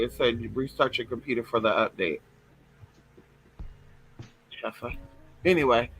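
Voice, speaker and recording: Male livestream host, sassy and flamboyant, casual chat, bright fairly high voice. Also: creaky, rough recording. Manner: sassy, flamboyant, swears freely. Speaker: livestream host reading viewer comments.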